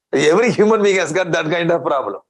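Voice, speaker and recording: A man's voice: a little high, lively intonation, quick pace, low-quality recording. A man giving a scripture discourse as a swami, chanting Sanskrit verses and explaining them in with rhetorical questions.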